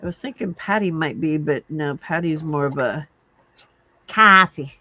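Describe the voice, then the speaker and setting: A woman's voice: low voice, moderate pace, muffled recording. A woman hosting a late-night crafting livestream from home, chatting casually, laughing often and scolding her cats. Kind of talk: casual chat while crafting.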